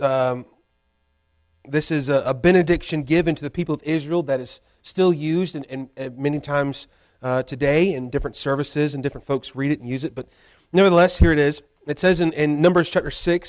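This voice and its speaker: High-voiced man preaching a sermon. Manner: acts out a pleading voice for quoted prayers; conversational preaching with repeated restarts. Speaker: pastor.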